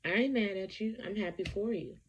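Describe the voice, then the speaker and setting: A woman's voice: mid-range voice, fairly quick, husky, dull audio. A woman vlogger giving her opinions in an emphatic, conversational way, repeating points for stress. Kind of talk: casual opinion talk to camera.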